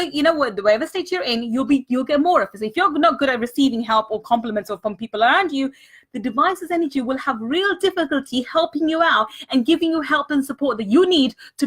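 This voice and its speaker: Woman, bright high voice, earnest live-stream coach, leans on repetition. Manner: earnest, repeats words for emphasis; greets viewers and thanks them mid-talk. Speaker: money mindset coach.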